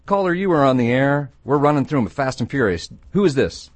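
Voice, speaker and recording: A man's voice: mid-range voice, brisk, no echo, soft background music. A man hosting a late-night call-in radio show, joking with callers and laughing often. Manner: playful, laughs often, animated.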